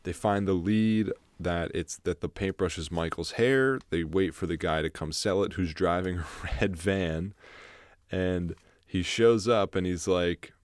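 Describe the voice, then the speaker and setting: Low-voiced man rambling through a recap. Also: no room sound, studio quality. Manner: rambling, swears freely, acts out scenes in quick put-on voices. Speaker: podcast co-host. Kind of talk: casual film recap chat.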